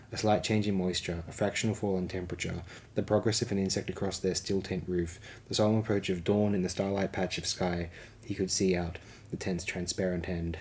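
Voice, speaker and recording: A man narrates an audiobook at a steady, measured pace. His voice is very deep, and a faint background hiss sits under the recording.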